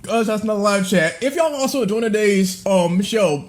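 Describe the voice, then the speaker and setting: High, lively-voiced man streaming. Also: moderate pace. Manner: laughs helplessly, repeats phrases, exclaims; addresses chat directly. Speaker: livestreamer reacting to a clip. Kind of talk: live stream reaction.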